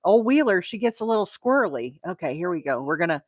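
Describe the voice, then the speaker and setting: A talkative woman with a drawl hosts a live crochet stream, rambling between topics and laughing often. Her voice sits fairly low but swings widely in pitch. The sound is close and dry. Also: sing-song, quick pace, no echo. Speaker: crochet livestream host. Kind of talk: casual live-stream chat.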